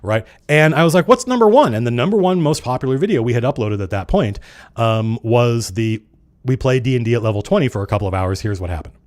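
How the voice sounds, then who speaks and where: A middle-aged man hosting a casual livestream chat, talking fast and acting out the people he quotes, with some swearing. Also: medium pitch. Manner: animated, swearing, acts out quoted players. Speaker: streamer and game designer hosting a live chat.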